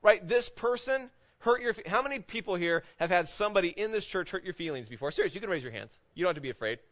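A man's voice: high-pitched, animated, fast talker, fairly bright tone, highs cut off. A man preaching a sermon to his congregation in a casual, conversational way, often asking "right?". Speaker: pastor. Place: church sanctuary with congregation.

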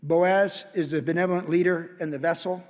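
A man's voice: fairly high pitch, steady tone, a little fast. A male pastor preaching a sermon with impassioned storytelling. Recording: long hall reverb.

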